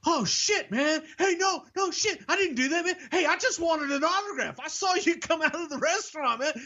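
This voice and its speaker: A man voicing a panicky young street guy who pleads in a high, rushed voice. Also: lively intonation, sharp tone, muffled recording, full character voice.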